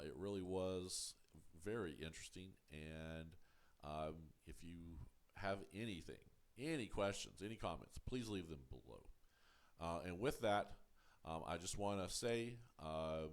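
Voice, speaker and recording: A man hosting a casual show review to camera, halting and full of ums and uhs, firm when answering critics. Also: sits low. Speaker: show reviewer, channel host.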